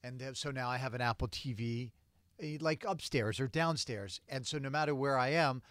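A man's voice: medium pitch, moderate pace, a bit bright, smooth, no echo. A man hosting a casual podcast chat, explaining things at length into a studio mic. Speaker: podcast host.

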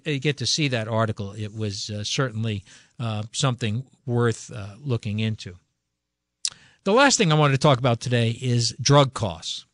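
A middle-aged man hosts a radio health show in a casual, conversational way, full of small fillers and restarts. His voice sits at an ordinary pitch and is recorded close and dry in a studio, with no room sound. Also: a bit bright, dry recording. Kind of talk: casual talk radio monologue. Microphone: studio radio mic.

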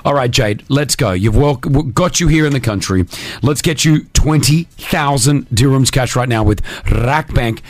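A man hosting a breakfast radio show from a studio, joking with callers and running a quiz in a brisk, upbeat way. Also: mid-range voice, dry recording.

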